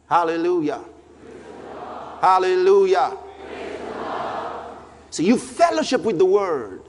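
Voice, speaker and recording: Male pastor, slow and shouted sermon delivery, live hall reverb with a faint crowd. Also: sits high, very animated. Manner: preaching, often shouting, drawn-out emphatic phrases.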